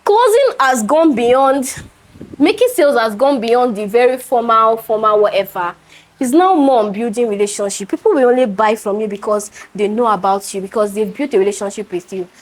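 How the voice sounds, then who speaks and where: A woman's voice: a little high, a little fast, low-quality recording. A woman with a Nigerian accent giving a sales training talk, telling stories animatedly and acting out the dialogue. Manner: animated storytelling, acts out dialogue, laughs often. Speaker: real estate sales trainer.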